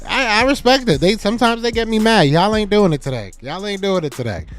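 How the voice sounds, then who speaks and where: High-voiced man teasing his live chat. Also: a little fast, faint music behind. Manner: teasing, repeats his jabs several times; animated, talks back to chat commenters. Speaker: podcast host. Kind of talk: live-stream sports talk answering chat.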